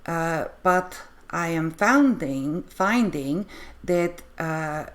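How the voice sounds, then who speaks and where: A woman hosting an interview on a video call, speaking haltingly with many fillers and restarts. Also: fairly low pitch, expressive. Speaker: host.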